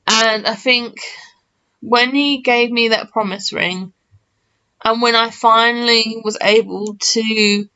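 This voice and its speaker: A woman's voice: mid-range voice, pushed and bright, clean tone. Chatty young woman, muffled mic. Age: early 20s. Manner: chatty, rambling, many fillers and restarts. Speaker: gaming channel host. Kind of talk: casual storytelling to camera.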